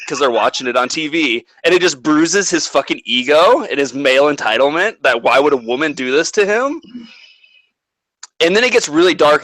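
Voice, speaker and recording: A man's voice: medium pitch, a bit bright, dry recording, rough recording. A man co-hosting a casual chat, rambling through a plot recap with lots of swearing and filler "like"s. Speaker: podcast co-host.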